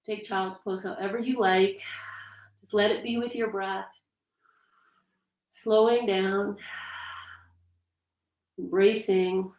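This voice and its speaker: A woman teaching a yoga class, giving gentle, encouraging, relaxed cues as she demonstrates the poses. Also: medium pitch, takes it slowly, pauses often, highs cut off. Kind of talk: guided yoga class instruction. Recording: echoey room, mic far off.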